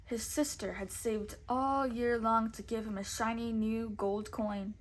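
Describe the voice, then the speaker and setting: A woman teacher reading a storybook aloud slowly and carefully. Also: fairly high pitch, fairly even intonation.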